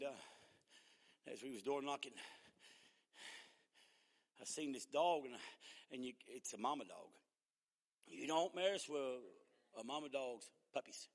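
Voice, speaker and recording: A man preaching a revival sermon, telling stories with laughs and climbing into shouted calls to the congregation. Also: mid-range voice, in a large hall. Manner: storytelling with laughs, rising to shouted exhortation. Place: church.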